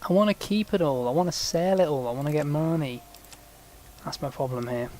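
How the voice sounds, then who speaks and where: A British man gives rambling, sarcastic commentary as he plays a video game, muttering to himself along the way. His voice is a little high, brisk, and darkish, with a bit of hiss or hum in the audio.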